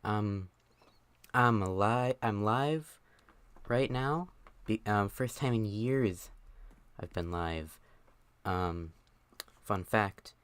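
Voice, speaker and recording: A man's voice: lowish voice, very slow, long pauses, fairly bright tone, smooth, no room sound. A young man chatting on a live stream, out of breath, rambling and joking at himself with lots of fillers. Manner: rambling, self-mocking, many fillers. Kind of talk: casual live stream chat.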